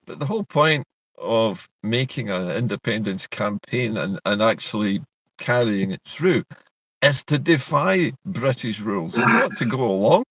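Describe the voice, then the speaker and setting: A Scottish man co-hosting a political discussion, talking in an animated, indignant way. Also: fairly low pitch, normal speed, no room sound. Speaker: co-host. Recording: dull distant dry mic.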